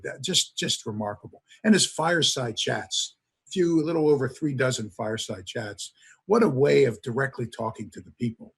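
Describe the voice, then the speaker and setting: A man's voice: mid-range voice, a bit bright, slightly rough. A man, a history professor, lecturing to an audience with enthusiastic storytelling and frequent filler sounds.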